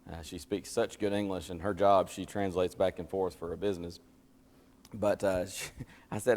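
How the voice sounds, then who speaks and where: A man's voice: lowish voice, normal speed. A tired man, chatting and telling stories before teaching a church Bible class, laughing at himself as he goes. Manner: chatty, self-deprecating, laughs at his own stories. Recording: long hall reverb.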